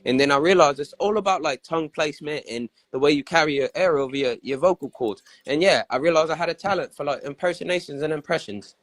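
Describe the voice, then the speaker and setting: A man's voice: fairly high pitch, quick pace, hardly any pauses, dry recording. A man chatting casually on a live stream, playful and boastful about his knack for impressions.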